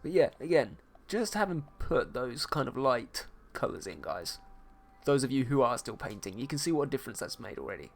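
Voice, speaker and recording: A man's voice: medium pitch, brisk, gravelly. A man, casually teaching digital painting live while he paints. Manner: relaxed, chatty, talks while painting.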